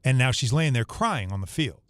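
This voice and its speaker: A man's voice: mid-range voice, animated, a little fast, a bit bright, no echo. A man co-hosting sports talk radio, arguing his opinions and stumbling into his points.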